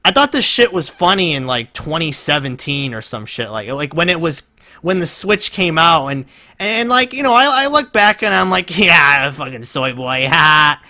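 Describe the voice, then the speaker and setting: A man's voice: high-pitched, expressive, normal speed, bright, forceful tone. A man doing reaction commentary, profane and rambling, laughing and restarting often as he mocks what he watches.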